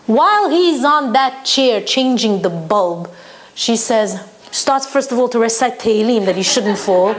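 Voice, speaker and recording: A woman's voice: a little high, expressive, unhurried, a little hiss or hum. A woman teacher giving a humorous lecture to women, telling stories and addressing the audience directly. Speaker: Torah teacher.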